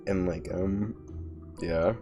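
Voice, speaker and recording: Low-voiced young guy streaming, rambly chat while drawing, faint music behind. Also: fairly even intonation, slow, dark tone. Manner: rambling, full of filler "like"s and restarts. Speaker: vtuber streamer.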